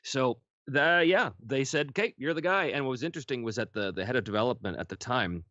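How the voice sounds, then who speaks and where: A man being interviewed as a voice actor guest, telling stories in a relaxed, candid way with the odd casual swear. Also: medium pitch, a little fast, dry recording. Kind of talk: interview storytelling. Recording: dull lo-fi sound.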